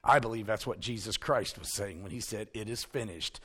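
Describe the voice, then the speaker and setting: A male preacher, delivering a sermon that swings from hushed storytelling to emphatic shouting. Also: lowish voice, moderate pace, slightly rough.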